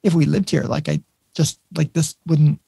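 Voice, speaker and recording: A man with a dark, gravelly voice hosts a relaxed conversation. He talks quickly and rambles, restarting his sentences often. The sound is dry and close. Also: a little high, no room sound. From New Mexico. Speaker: podcast host, emergency nurse. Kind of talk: casual storytelling chat.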